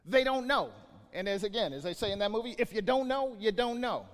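Guy preaching, high voice, stammers and repeats a lot, echoey church hall. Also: fairly quick. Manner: animated, repeats words, acts out scenes. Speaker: pastor. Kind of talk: sermon.

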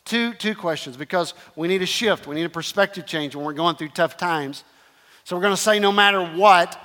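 A man's voice: fairly high pitch, a little fast, fairly bright tone, long reverb tail. A man preaching a sermon, repeating phrases emphatically and calling the congregation to respond. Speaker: pastor.

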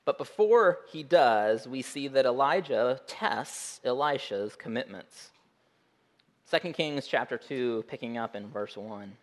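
A man's voice: mid-range voice, lively intonation, unhurried. A man giving a sermon in a conversational way, with wry humor and frequent restarts. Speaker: pastor.

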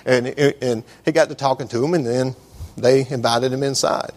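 A man's voice: medium pitch, fairly even intonation, moderate pace, darkish tone. A man preaching a sermon in a conversational, storytelling way, often restarting his sentences.

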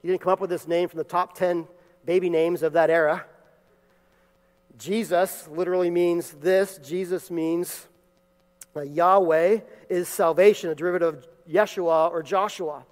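A man's voice: high-pitched, fairly even intonation, normal speed. A man preaching a sermon in a church, reading scripture, praying, and teaching with emphatic rises. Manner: emphatic, building to loud peaks. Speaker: pastor. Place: church sanctuary. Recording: long hall reverb.

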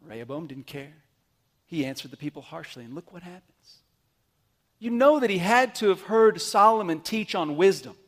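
A man with a high-pitched voice preaches to a congregation. His delivery is animated, swinging from loud emphatic bursts to soft, low asides. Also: moderate pace. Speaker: pastor. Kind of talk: sermon.

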